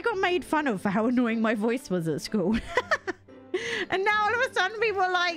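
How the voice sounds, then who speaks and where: A young woman with a British accent chats through a relaxed gameplay stream, giggling and poking fun at herself as she goes. Her voice sits high and swoops up and down with animated energy. Soft game music plays faintly behind her. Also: normal speed, pauses often. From Britain. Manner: chatty, giggly, self-mocking asides. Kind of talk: casual gameplay chat with chat readers.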